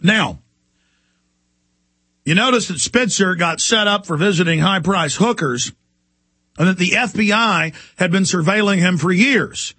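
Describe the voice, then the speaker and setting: A man's voice: sits high, unhurried, pauses often, bright, forceful tone, slightly rough, no echo. A man delivering an impassioned, indignant talk radio monologue as the show's host.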